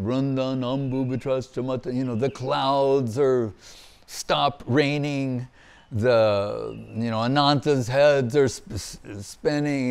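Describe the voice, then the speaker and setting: A man giving a devotional lecture as a monk, telling scripture stories in an animated way and acting out the quotes. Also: medium pitch, clear, resonant tone. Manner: animated storyteller, acts out quotes with laughter. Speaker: monk giving a spiritual discourse.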